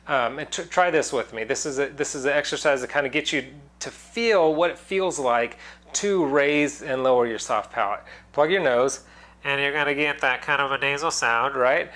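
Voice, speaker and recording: Man, singing teacher, casual video lesson, rambling with fillers, mid-pitched voice. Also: moderate pace. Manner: relaxed, rambling explanations with many fillers and demonstrations.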